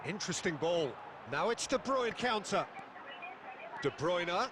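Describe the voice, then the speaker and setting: A lively football commentator. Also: male voice, high voice, measured pace. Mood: commentating. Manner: excitable, rising on chances. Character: adult male football play-by-play commentator. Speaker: play-by-play commentator. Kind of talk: scripted sports commentary. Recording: game audio with noise behind.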